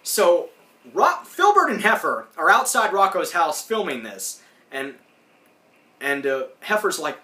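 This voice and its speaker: Bright-voiced man recapping a cartoon. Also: high-pitched, big pitch swings, unhurried, roomy sound, recorded from a distance. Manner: rambling, acts out lines in put-on voices. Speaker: podcast host. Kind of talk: casual recap of a cartoon episode.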